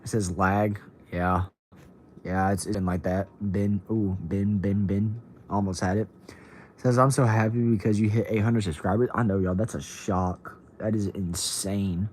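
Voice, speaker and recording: A young man from Texas, USA hosts a livestream, casually chatting, reading viewer comments aloud and greeting people by name. His voice is on the low side, steady, unhurried and darkish, with a little hiss or hum behind it.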